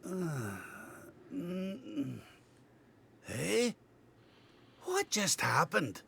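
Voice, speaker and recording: A man's voice: sits high, huge pitch swings, extremely slow, vocal fry, sharp tone, a little hiss or hum, pitched above the performer's own voice, full character voice. A man voicing an old, cheeky male king with a put-on Scottish accent, wheedling one moment and stammering in disbelief the next. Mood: bewildered.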